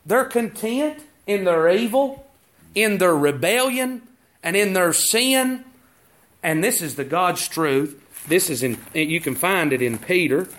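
Slow, animated preacher man. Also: high-pitched. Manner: preaching cadence, rhetorical questions, quoting scripture. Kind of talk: sermon.

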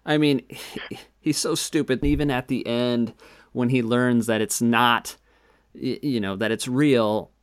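A man appears as a guest on a casual podcast, talking horror movies. He is animated and laughs easily. He jumps into acting out scenes as he goes. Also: mid-range voice, measured pace, clean tone, no room sound, clean studio sound. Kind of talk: casual chat about horror films.

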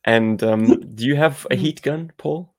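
A man's voice: medium pitch, measured pace. A South African man co-hosting a podcast, chatting casually and explaining things at length. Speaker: podcast co-host.

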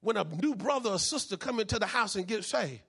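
Male pastor, high bright voice, call-and-response preaching. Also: expressive, fairly quick, gravelly, husky. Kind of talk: sermon.

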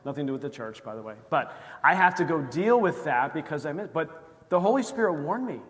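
Guy pastor preaching, chatty, slightly high voice, long echo in the church. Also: animated, brisk. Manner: conversational preaching, acts out quoted voices. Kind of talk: sermon. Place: church sanctuary.

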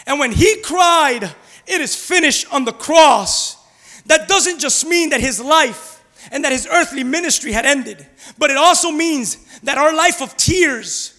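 A man preaching an Easter sermon as a pastor, dropping to hushed low passages and rising to loud urgent ones. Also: lively intonation, a little slow. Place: church. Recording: hall reverb.

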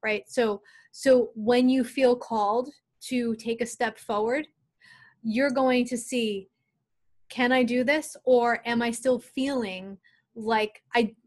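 A woman guest, a spiritual channeler, giving gentle, soothing, earnest guidance on a live call. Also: on the high side, steady tone, slow pace.

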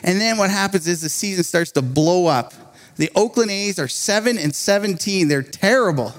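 A man delivering a sermon in a fairly high voice, lively and conversational. He tells his story with quick restarts and little laughs between phrases. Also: faint music behind. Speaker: preacher.

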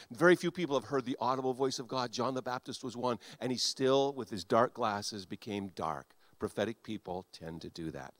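Recorded close and dry, a male pastor delivers his sermon in a voice pitched slightly high. His delivery is animated, alternating punchy, loud lines with quiet asides while he performs the voices of those he quotes.

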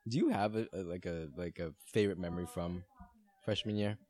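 A young man in his twenties co-hosts a podcast, telling quick anecdotes full of laughing and swearing in casual chat. His voice is low, steady and warm.

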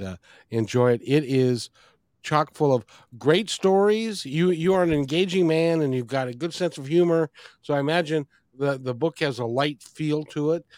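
A man's voice: medium pitch, darkish tone, no room sound, clean studio sound. A man hosting a podcast interview, friendly and praising, repeatedly urging listeners to get his guest's book. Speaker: podcast host.

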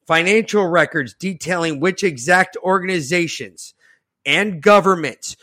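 A man hosting a podcast, reading an article aloud and ranting in a boastful, profane way that swings from muttering to loud outbursts. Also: high-pitched, measured pace, no room sound, clean studio sound. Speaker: podcast host.

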